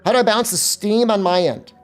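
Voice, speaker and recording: A man's voice: high-pitched, quick pace, soft background music. A man live-streaming a game, chatting loosely with viewers and joking as he talks. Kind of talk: casual live-stream chat.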